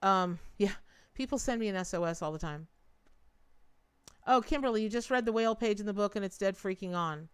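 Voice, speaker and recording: A woman's voice: medium pitch, brisk, clean tone. A woman giving a tarot reading on a live stream, chatty, repeating words for emphasis and talking straight to her viewers. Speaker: tarot reader.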